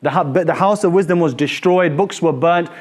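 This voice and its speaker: Animated, high-voiced male teacher. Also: moderate pace. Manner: animated, questioning, repeats phrases. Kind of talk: classroom lecture with questions. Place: classroom.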